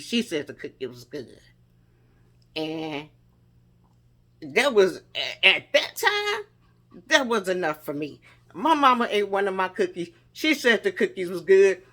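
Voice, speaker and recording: A woman telling a funny childhood story, animated and laughing often as she goes. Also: medium pitch. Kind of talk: storytelling a personal memory.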